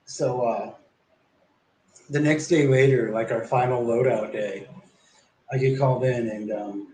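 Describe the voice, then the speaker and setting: A man's voice: mid-range voice, steady tone, a little slow, darkish tone, far from the mic. Man, casual storyteller, profane and rambling, full of fillers; echoey room, faint hum behind. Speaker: streamer telling a story.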